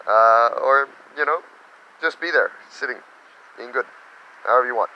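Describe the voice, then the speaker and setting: A man teaching meditation in a casual spiritual talk, animated and slipping into little quoted voices. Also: mid-range voice, normal speed, lo-fi sound.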